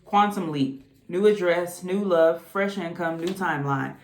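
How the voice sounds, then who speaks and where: A woman casually reads tarot cards, chatty and exclamatory, in a lowish voice that moves a little slowly with few pauses. The room she's in is echoey.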